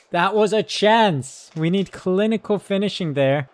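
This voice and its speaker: A man giving excited live commentary on his football management game, yelling at his players, then calmly talking through tactics. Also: high voice, unhurried, few pauses, slight background noise. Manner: excitable, shouts at the team, then calm tactical talk. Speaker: gaming YouTuber.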